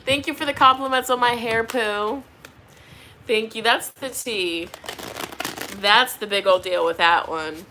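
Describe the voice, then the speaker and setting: A woman's voice: fairly high pitch, measured pace, pushed and bright, slight background noise. A pregnant young woman doing a tarot reading, chatting casually with viewers and laughing often. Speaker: tarot reader.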